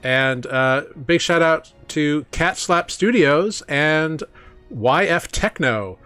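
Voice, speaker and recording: Relaxed man hosting a tabletop stream. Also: a little high, slow pace, smooth, no room sound, soft background music. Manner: relaxed, many "uh" fillers, laughs often. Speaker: game master. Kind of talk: casual stream chat, hosting a tabletop game.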